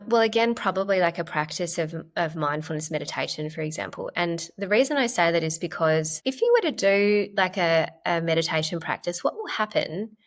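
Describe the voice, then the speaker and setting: A woman clinical psychologist, a podcast guest, explaining ideas gently and in a measured way, with frequent "like" fillers. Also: on the low side, lively intonation. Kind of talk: conversational podcast interview.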